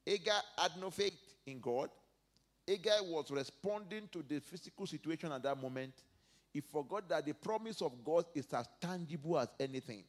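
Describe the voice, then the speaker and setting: A male pastor preaching a sermon, dropping to soft asides and rising to loud emphatic peaks as he reads and acts out scripture. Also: a little high, expressive, normal speed. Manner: preaches verse by verse, acting out biblical speakers.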